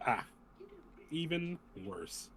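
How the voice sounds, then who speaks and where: A man playing a tabletop game, chatting in a chummy, casual way, his voice jumping up when excited. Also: extremely slow, a little hiss or hum. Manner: animated, chummy, pitch jumps up when excited. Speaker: player.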